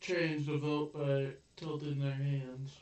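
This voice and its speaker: Flat-voiced man chiming in from far off. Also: a little high, takes it slowly, a little hiss or hum. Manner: brief, matter-of-fact interjections. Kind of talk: casual chat. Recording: very echoey room, distant mic.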